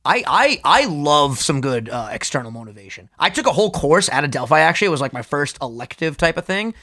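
A young man co-hosting a podcast, talking casually in an animated, joking, profane way. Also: a little high, brisk. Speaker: podcast co-host. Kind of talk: casual chat.

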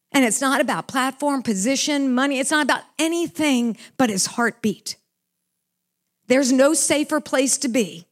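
An older woman preaching a heartfelt, earnest sermon about love and purpose. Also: sits high. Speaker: Christian speaker.

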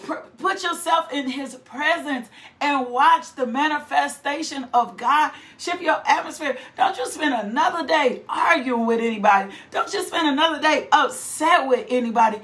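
A woman's voice: high-pitched, normal speed, a bit bright. A middle-aged woman preaching a fervent sermon, repeating phrases in a rhythmic, rousing way. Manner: fervent, rhythmic repetition, exhortations.

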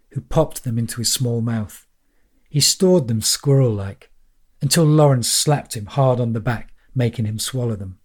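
A man's voice: mid-range voice, darkish tone, breathy edge. A man narrating an audiobook in a dry, wry way.

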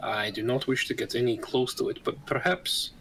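A man's voice: medium pitch, steady tone, normal speed, a bit bright, slight background noise, rough recording. A man playing a tabletop game in casual chat, joking and thinking aloud. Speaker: player.

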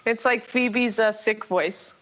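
A woman's voice: a little high, takes it slowly, a bit bright, muffled recording, a little hiss or hum. A woman hosting a casual basketball podcast from a studio in New York, chatty and laughing often. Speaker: podcast host. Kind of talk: casual sports chat.

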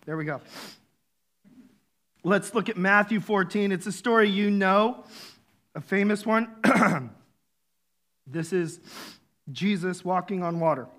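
High-voiced earnest male preacher. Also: slow, long pauses, a bit bright. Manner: earnest, conversational preaching with fillers and self-deprecating asides. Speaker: pastor. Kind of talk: sermon.

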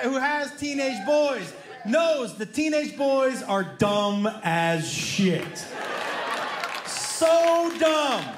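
A middle-aged man doing stand-up storytelling, animated and acting out his family members' voices. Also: very high voice, noisy background. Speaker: stand-up comedian. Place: comedy stage before a live audience.

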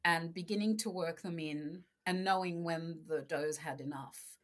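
A woman from Argentina, a podcast guest telling family stories in a casual, animated way and acting out voices. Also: fairly low pitch, unhurried. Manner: animated storyteller, acts out voices. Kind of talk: casual interview chat.

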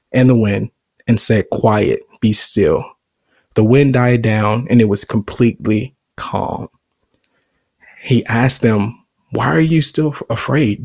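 A man's voice: lowish voice, darkish tone, no room sound. A man hosting a devotional podcast, teaching on scripture in an earnest, reflective way and chuckling now and then. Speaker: podcast host.

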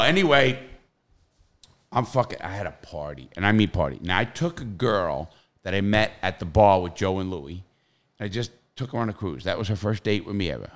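Gravelly low-voiced guy rambling through wild stories, cussing nonstop, swings up loud. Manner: profane, animated storytelling with loud bursts. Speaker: podcast host telling stories. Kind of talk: casual chat.

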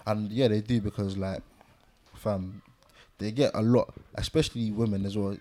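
A man's voice: on the low side, fairly even intonation, moderate pace, warm tone. A young man, telling stories in a casual group chat, full of slang and tags like "innit". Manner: laid-back slang-heavy storytelling.

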